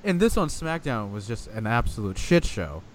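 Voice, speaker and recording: A man co-hosting a casual podcast in a lively, exasperated way. He swears freely and builds his rants up to sharp peaks of disbelief. He sits at a middle pitch for a man. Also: normal speed. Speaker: podcast co-host. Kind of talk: casual wrestling podcast chat.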